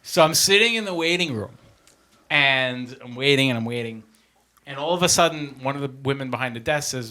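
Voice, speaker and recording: A man casually telling a story on a podcast, animated and profane, laughing often. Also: mid-range voice, brisk. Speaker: podcast co-host.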